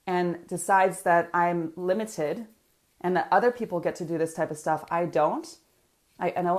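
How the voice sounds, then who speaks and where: A woman's voice: lowish voice, a little mellow. A woman business coach, talking energetically to viewers in a live coaching session and reading out their comments.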